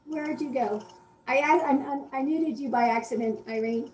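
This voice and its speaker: A woman's voice: sits high, normal speed, a little mellow, roomy sound, far from the mic, a little hiss or hum, poor audio. A woman organizer on a video call, apologetic and a bit flustered. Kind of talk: casual chat on video call.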